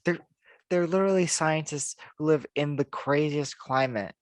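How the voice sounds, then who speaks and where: A man's voice: fairly high pitch, normal speed, dry recording. A man co-hosting a casual podcast chat, rambling with lots of fillers and frequent laughs. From United States. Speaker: podcast co-host.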